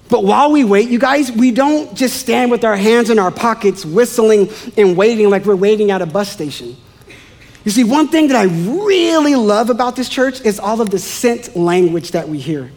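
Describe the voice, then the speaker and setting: High-voiced man preaching a lively sermon. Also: normal speed. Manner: animated, conversational preaching with playful asides.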